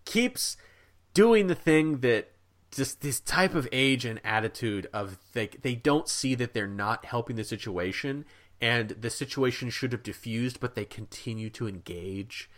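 A man co-hosting a podcast, telling a story in a casual, animated way with many asides. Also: mid-range voice, moderate pace. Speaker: podcast co-host.

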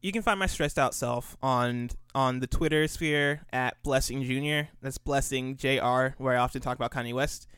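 Laid-back man, smooth and dry. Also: mid-range voice, moderate pace, few pauses, fairly bright tone, dry recording. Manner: rambling, filler-heavy, laid-back. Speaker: podcast co-host. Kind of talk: casual podcast chat.

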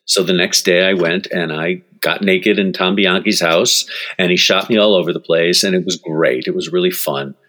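Deep-voiced older man telling stories. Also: moderate pace. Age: 60s. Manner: animated, laughs often, acts out quotes. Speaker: author and guest. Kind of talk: storytelling in interview.

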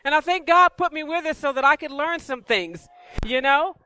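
Woman church speaker, bright tone, chatty sermon delivery. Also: high voice, lively intonation, moderate pace, dry recording. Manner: conversational preaching, repetitive.

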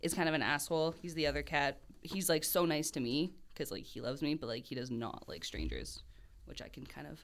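A woman's voice: low-pitched, brisk, vocal fry. A young woman chatting casually, telling rambling stories full of "like" and frequent laughter. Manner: rambling storyteller, laughs often, lots of "like". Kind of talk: casual chat.

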